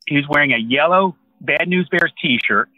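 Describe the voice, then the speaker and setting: A man's voice: fairly high pitch, unhurried, lo-fi sound, a little hiss or hum. A man in his sixties from New Jersey, a guest telling a long rambling anecdote in casual conversation. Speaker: interview guest. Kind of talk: casual storytelling.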